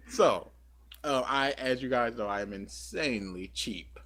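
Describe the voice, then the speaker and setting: A man's voice: mid-range voice, lively intonation, unhurried, a bit bright. A man co-hosting a podcast, chatting casually and telling a rambling story full of fillers and self-corrections. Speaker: podcast co-host.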